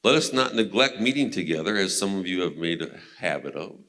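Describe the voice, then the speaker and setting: With a deep, slightly bright voice and lively intonation, a man teaches a men's Bible study at a brisk clip. He keeps it casual, retelling stories from scripture and occasionally laughing.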